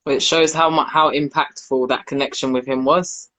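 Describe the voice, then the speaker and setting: A woman's voice: a bass voice, steady tone, normal speed. A woman hosting an interview, affirming her guest and reflecting on what she shares. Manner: affirming, reflective, many soft agreements. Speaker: podcast host. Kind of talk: supportive interview chat.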